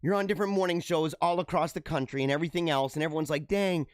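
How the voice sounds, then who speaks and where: A man's voice: fairly high pitch, very fast, dry recording, clean studio sound. A man hosting a podcast, giving casual and slangy commentary on news stories and laughing often. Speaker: podcast host.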